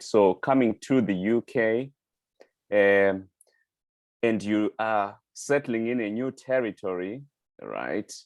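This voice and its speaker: A man's voice: lowish voice, no echo. A man hosting a casual interview with an easygoing manner, often checking in with a tag question. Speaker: host, interviewer.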